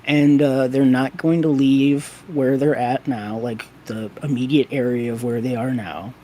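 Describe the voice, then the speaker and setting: Man, co-host, casual chat, mellow, faint background noise. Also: mid-range voice, steady tone, unhurried.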